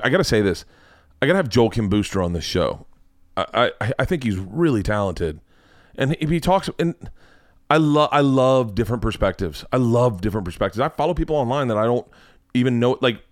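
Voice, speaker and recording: A man's voice: mid-range voice, dry recording, clean studio sound. A man hosting his own podcast, chatting casually and rambling, swearing often and laughing. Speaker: podcast host. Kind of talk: casual chat.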